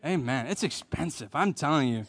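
A middle-aged man preaching a conversational sermon, repeating key phrases for emphasis and joking at his own expense, going soft and low for tender points. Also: lively intonation, normal speed, no room sound. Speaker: pastor.

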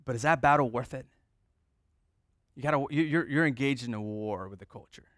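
A man's voice: mid-range voice, a little fast, a bit bright, dry recording, studio quality. A man preaching a sermon as pastor, telling a family story in a conversational way and acting out the dialogue.

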